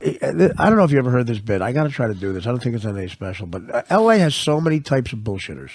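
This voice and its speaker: A man's voice: medium pitch, very animated, fast talker, hardly any pauses, darkish tone. A man hosting a comedy podcast, telling rambling, profane stories and laughing often. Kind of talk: comedic storytelling.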